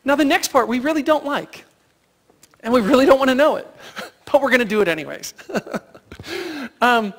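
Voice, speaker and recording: A man preaching a sermon as pastor, in a conversational, animated way, asking the congregation rhetorical questions and acting out the lines of Bible characters. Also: very high voice, moderate pace, pauses often, in a large hall. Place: church sanctuary.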